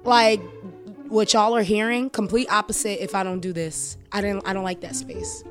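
A woman talking on a podcast in a lively, emphatic way. She drops casual slang and speaks at an everyday pitch for a woman. Faint music plays underneath. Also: moderate pace. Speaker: podcast guest, entrepreneur.

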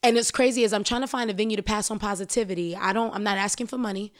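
A woman speaking as a podcast guest in an animated, emphatic way, full of casual slang. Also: mid-range voice, racing, dry recording, studio quality.

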